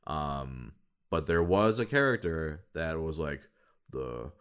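Deep-voiced man with very lively pitch. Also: measured pace, clean tone. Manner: relaxed, thoughtful, hesitant with restarts, wry laughs. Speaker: voice actor, podcast co-host. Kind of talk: casual chat.

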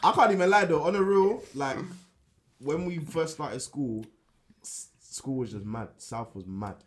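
A young man, telling school stories in a relaxed group chat, full of slang and mimicked voices. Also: a little high, measured pace. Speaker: podcast panelist. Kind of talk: casual chat.

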